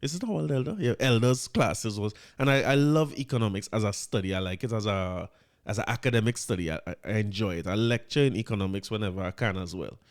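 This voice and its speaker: Speaking fast in a fairly low voice, a man with a Trinidadian accent hosts a podcast. His commentary is casual and incredulous, and words get repeated once he's riled.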